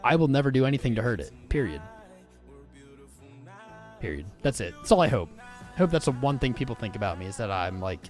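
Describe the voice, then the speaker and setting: A young man hosts a casual livestream, talking straight to his viewers in an excitable, informal way. His pitch swings widely as he speaks. Faint music plays underneath. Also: a little fast, pauses often. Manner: animated, swearing, informal and excitable. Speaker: crypto livestream host. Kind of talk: casual livestream chat reading viewer comments.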